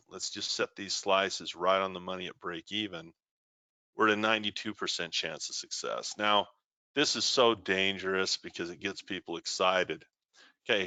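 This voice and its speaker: A man's voice: on the low side, sharp tone, smooth, no room sound. A man hosting a live trading show, reading out viewer comments and telling stories in a chatty way. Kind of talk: live-streamed trading talk.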